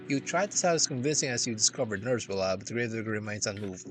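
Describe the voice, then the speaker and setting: Young male streamer, low voice, reads game text with dry slangy quips over clear music. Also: expressive, fast, few pauses. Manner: wry slangy asides between narration.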